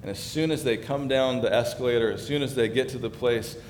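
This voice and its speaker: A man giving a sermon as pastor, talking conversationally and building in emphasis. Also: fairly quick. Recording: echoey hall with faint background rumble.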